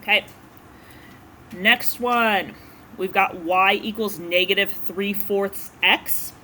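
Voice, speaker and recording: Bright-voiced woman math teacher. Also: medium pitch, slow pace, slight background noise. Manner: casual, chatty explaining. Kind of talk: classroom lecture. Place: classroom.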